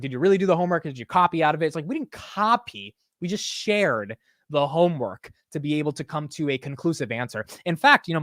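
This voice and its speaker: A man's voice: mid-range voice, fairly bright tone, no echo, clean studio sound. A man hosting a live stock market show in casual commentary, rambling and blunt with casual swearing.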